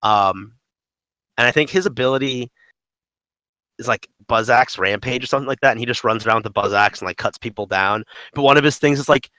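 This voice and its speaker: A man talks games on a podcast in a bright, forward voice, recorded dry and close. His speech rambles with lots of fillers and animated swings. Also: mid-range voice, a little fast, no room sound, rough recording. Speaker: podcast co-host. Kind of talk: casual gaming podcast chat.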